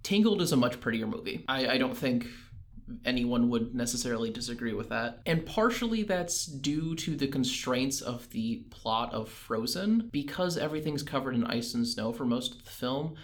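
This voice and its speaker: Give me a measured, analytical man co-hosting a film review podcast, mid-pitched. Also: lively intonation. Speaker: podcast co-host.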